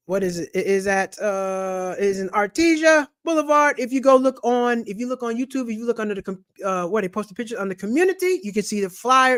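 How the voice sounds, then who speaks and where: A middle-aged man rants about money straight to camera, animated and preachy, with plenty of street slang. His voice sits high for a man, recorded dry and close with no room sound. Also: clear, resonant tone, dry recording. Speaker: channel host and comedian. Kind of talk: casual personal finance vlog.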